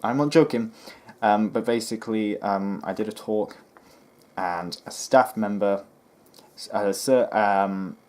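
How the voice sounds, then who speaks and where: Low-voiced guy ranting casually. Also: slow pace, darkish tone. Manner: chatty and exasperated, lots of ums and restarts. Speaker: history video host. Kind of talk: casual rambling commentary to camera.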